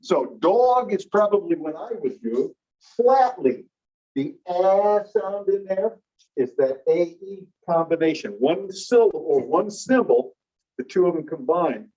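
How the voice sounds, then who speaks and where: A male teacher lectures a class in a slightly high, mellow, husky-edged voice with lively intonation and a measured pace. He explains step by step and keeps turning questions to the students, on a dull, lo-fi recording.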